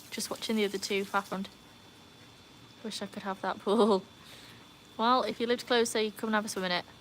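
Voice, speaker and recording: A woman with a slightly bright, mid-range voice hosts a casual livestream outdoors by a home swimming pool, with slight background noise. She chats with viewers, reads their comments aloud, and breaks into squealing cheers.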